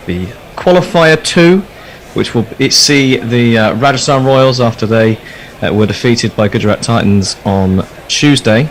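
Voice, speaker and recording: A man's voice: mid-range voice, slight background noise, low-quality recording. Easygoing man hosting cricket commentary. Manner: easygoing, chatty, laughs readily. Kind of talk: casual ball-by-ball commentary.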